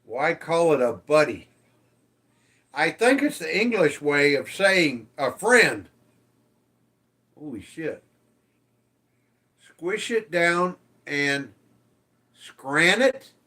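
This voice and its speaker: Man, livestream host, teasing, swears a lot, slightly high voice, unhurried. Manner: animated, teasing, swears freely. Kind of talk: casual livestream chat, reading viewer comments.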